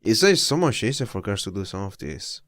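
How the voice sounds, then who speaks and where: Brief: casual male streamer, low and laid-back, dry. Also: very animated, fairly quick, fairly bright tone, dry recording. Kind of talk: casual reaction commentary.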